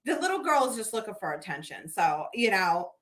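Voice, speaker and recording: Podcast co-host, woman, middle-aged, bright and lively storyteller. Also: a little fast. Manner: animated, acts out quotes with big pitch jumps. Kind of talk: casual storytelling chat.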